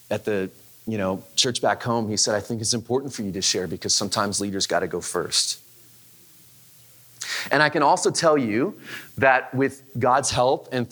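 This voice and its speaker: A man's voice: mid-range voice, fairly bright tone. Male pastor, 30s. Candid, conversational sermon delivery. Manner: candid, conversational, halting with restarts.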